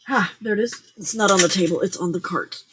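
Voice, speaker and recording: A woman's voice: medium pitch, fairly quick, noisy background. A woman hosting a late-night crafting livestream, chatty and giggly as she talks through each step at her craft table at home. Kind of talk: casual chat while crafting.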